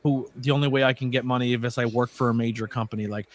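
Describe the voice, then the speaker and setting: A quick-talking young man from Pennsylvania rambles through a casual live-stream chat as its host. He sounds animated, drifts off topic and swears casually, with his voice sitting at a middle pitch.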